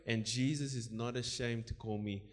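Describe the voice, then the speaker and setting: A man preaching a sermon, moving from quiet asides to loud calls, laughing between points and praying in tongues. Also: mid-range voice, moderate pace. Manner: animated preaching, swinging between soft asides and loud exhortation.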